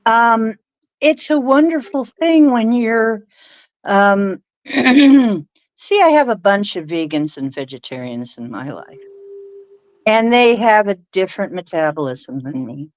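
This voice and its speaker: A woman's voice: medium pitch, takes it slowly, no room sound, lo-fi sound. A woman casually telling a story in a loose, rambling way, often restarting her sentences. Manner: rambling, animated retelling with many restarts. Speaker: spiritual podcast host.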